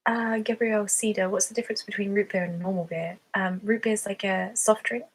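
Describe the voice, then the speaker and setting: A woman's voice: mid-range voice, fairly even intonation, fairly quick, husky, low-quality recording. A woman from England with a southern English accent, talking casually on a livestream, chatty and giggly with lots of fillers as she answers viewer questions. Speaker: ASMR creator hosting a livestream.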